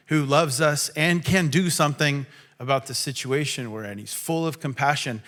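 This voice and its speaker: A man preaching a sermon in a conversational tone, now and then acting out biblical quotes with sudden raised shouts. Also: fairly high pitch. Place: church hall.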